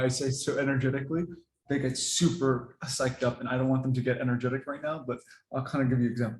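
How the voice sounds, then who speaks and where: A man's voice: mid-range voice, fast. Man, casual dog-training chat, rambling, laughs a lot, roomy echo. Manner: relaxed and rambling, laughs often. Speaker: dog owner explaining training. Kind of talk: casual talk to camera.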